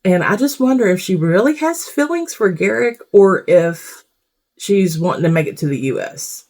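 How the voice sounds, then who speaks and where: A woman's voice: medium pitch, lively intonation, moderate pace, a little mellow. A woman giving casual reaction commentary on a reality show, blunt and rambling, swearing freely.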